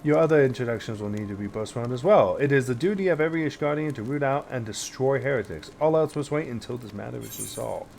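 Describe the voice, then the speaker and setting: A man's voice: mid-range voice, gravelly, darkish tone, soft background music, natural voice. A man voicing a stern, pious male noble official in a fantasy game, formal and stiff. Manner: formal, stiff, quick reading.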